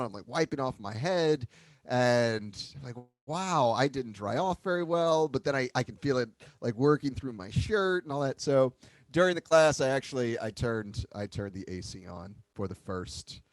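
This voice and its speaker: A man's voice: medium pitch, normal speed, no room sound. A man from Philadelphia hosting a podcast, chatting casually, joking and laughing often. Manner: animated, jokey, laughs often. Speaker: podcast host. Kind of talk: casual chat interview.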